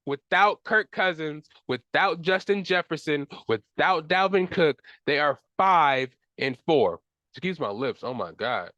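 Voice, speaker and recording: A man's voice: a little high, animated, measured pace, fairly bright tone, no echo, muffled recording. Ranting young man on a solo podcast. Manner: frustrated ranting, casual profanity and slang. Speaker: podcast host. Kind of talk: solo sports talk.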